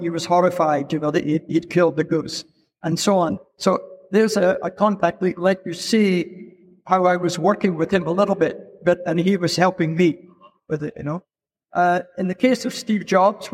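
High-voiced older man telling stories. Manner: unhurried, storytelling with frequent 'you know' asides. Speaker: keynote speaker, photographer. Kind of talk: anecdotal stage talk. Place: event hall. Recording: long hall reverb.

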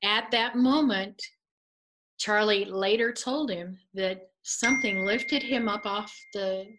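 A middle-aged woman appearing as a guest tells a personal faith story with lots of animation, often laughing and acting out what other people said. Her voice is mid-range and slow, with background noise present.

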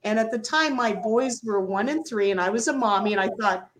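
On poor audio, a retired Navy doctor, an older woman, tells stories in an interview in a slightly high voice, brisk and with hardly any pauses. She is animated and acts out the quotes as she goes.

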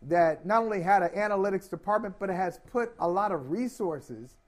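A man hosting sports talk, arguing his opinions in a casual, animated way with frequent restarts. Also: sits high, fairly quick.

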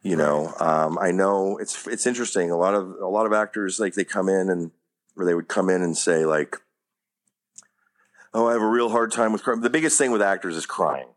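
A man's voice: sits low, a little fast. A man talking as an acting coach in a casual interview, rambling with lots of "you know what I mean" and casual swearing.

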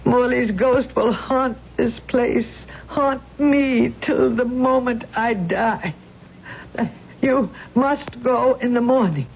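Elderly landlady haunted by her past, halting and stammering, slow with a raised pitch; on muffled vintage radio. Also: gravelly, slight background noise. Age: older. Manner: hesitant, stammering. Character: elderly guilt-ridden landlady, former actress. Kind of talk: 1970s radio drama acting. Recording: muffled 1970s radio drama recording.

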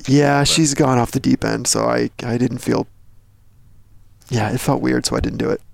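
Laid-back male regular, gravelly voice, hesitant dry delivery, dry close recording. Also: mid-range voice, steady tone, normal speed, no room sound. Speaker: podcast regular. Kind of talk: casual chat.

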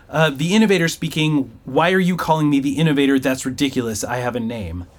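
A man's voice: medium pitch, brisk, lightly acted. A man playing a flustered, hesitant man who repeats an unseen voice's words aloud, stammering and apologizing in an audio drama. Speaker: human relaying an alien's words.

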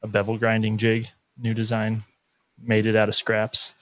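Low-voiced man speaking haltingly. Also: completely flat delivery, fairly bright tone, no room sound. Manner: halting, searching for words. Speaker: podcast guest. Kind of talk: casual podcast chat.

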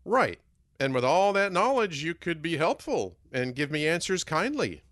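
A man's voice: a little high, big pitch swings, normal speed, a bit bright, dry recording, studio quality. A man in a comedy sketch playing an exasperated user who stammers and repeats himself. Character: flustered male chatbot user.

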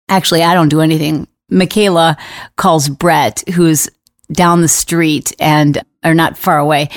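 A middle-aged woman hosting a podcast, telling a story in a casual, animated way and laughing now and then. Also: fairly low pitch, dry recording, studio quality. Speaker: podcast host.

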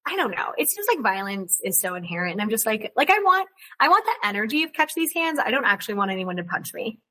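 A woman in her thirties hosting a podcast, telling a story in a chatty, animated way and laughing often. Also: on the high side, fast talker. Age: 30s. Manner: chatty and animated, laughs often, quotes people in other voices. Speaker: podcast host. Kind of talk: casual chat, telling a story.

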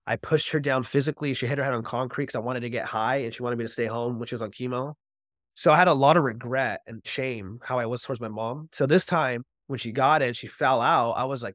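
A man's voice: mid-range voice, steady tone, fast talker, a bit bright, no room sound, clean studio sound. A man guesting on a podcast, telling his personal recovery story in an earnest, heartfelt way, with many casual fillers.

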